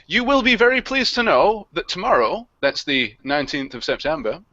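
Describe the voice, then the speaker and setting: A man's voice: fairly high pitch, animated, normal speed, sharp tone, no echo, lo-fi sound. A man co-hosting a live online quiz stream, reading out comic news items with hammy delivery and laughing at his own jokes. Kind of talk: playful live-stream banter.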